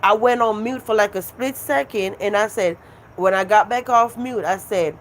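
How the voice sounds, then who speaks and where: A woman's voice: mid-range voice, moderate pace, a little hiss or hum. Frustrated woman venting on a live stream. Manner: venting, profane, emphatic repetition. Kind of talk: casual live-stream rant.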